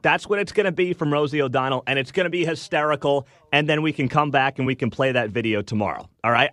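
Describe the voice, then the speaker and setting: Brash, sarcastic talk radio host. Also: male voice, fairly high pitch, fairly bright tone, no room sound, studio quality. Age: young adult. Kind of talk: morning talk radio commentary. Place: radio studio. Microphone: studio microphone.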